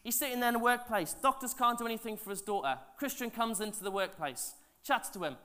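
A man, a pastor telling stories in a sermon, animated and chatty with asides to the congregation, his voice swinging from loud to hushed. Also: very high voice, quick pace, smooth. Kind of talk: sermon storytelling.

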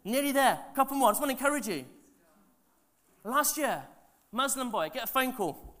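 Male pastor, lively sermon storyteller, loud then hushed, chatty asides. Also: very high voice, normal speed. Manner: animated, swings between loud and hushed.

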